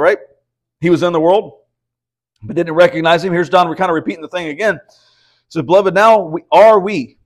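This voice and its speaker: A man, teaching the Bible at a house church. He preaches in an easy, conversational way, often asking the room rhetorical questions. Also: a little high. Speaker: pastor.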